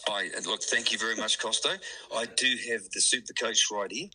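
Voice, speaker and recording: A man's voice: fairly low pitch, brisk, sharp tone, poor audio. A middle-aged man with a New Zealand accent, a club president chatting on a radio interview, hesitant with many fillers. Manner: hesitant, lots of fillers, laughs easily.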